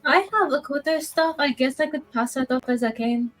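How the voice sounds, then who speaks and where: A woman's voice: high-pitched, moderate pace, a bit bright, soft background music, poor audio. A woman playing in a tabletop game, describing her character in short casual remarks. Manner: short agreeing replies. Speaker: player. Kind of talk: tabletop role-play chat.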